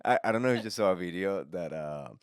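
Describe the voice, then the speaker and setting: A man's voice: low-pitched, fast talker, smooth, no room sound, studio quality. A man in his thirties hosting a podcast, chatting casually with a guest, joking, swearing and laughing often. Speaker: podcast host. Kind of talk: casual chat.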